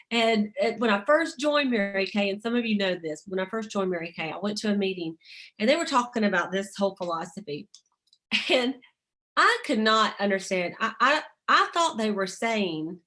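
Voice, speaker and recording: A woman's voice: mid-range voice, animated, moderate pace, sharp tone. A middle-aged woman leading a motivational sales team call, chatty, laughing often and reading inspirational quotes aloud.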